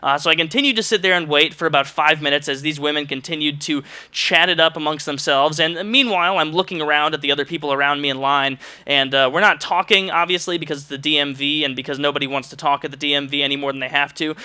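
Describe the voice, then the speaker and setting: A man's voice: on the high side, fairly even intonation, quick pace, hardly any pauses, bright, forceful tone, smooth. A man vlogger telling a personal story in an exasperated, ranting storytime monologue, acting out quoted lines and, by his own account, coming across as rather curt. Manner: says he can come off as curt.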